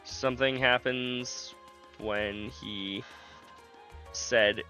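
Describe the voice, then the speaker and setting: Bright, lively male game streamer. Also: on the high side, a little slow, faint music behind. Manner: chatty, joking with chat. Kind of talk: casual live-stream commentary.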